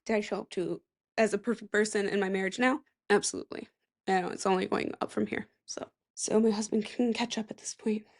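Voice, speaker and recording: A woman's voice: medium pitch, fairly even intonation, fairly quick, vocal fry. A woman in her thirties hosting a casual solo podcast, chatty and rambling with sarcastic asides. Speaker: podcast host.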